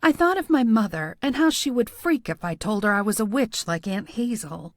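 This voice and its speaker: A woman's voice: on the high side, lively intonation, moderate pace, dry recording. A woman narrating a first-person audiobook in a wry, self-deprecating storytelling manner, close to a studio mic.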